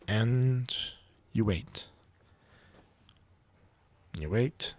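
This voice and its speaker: A man running a tabletop game as game master, narrating with dramatic pauses. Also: mid-range voice, a little mellow.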